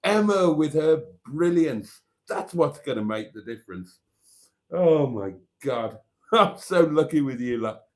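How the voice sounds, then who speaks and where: A man's voice: on the high side, animated, unhurried. A man hosting a live stream, chatting casually and laughing with delight while reacting to viewer messages.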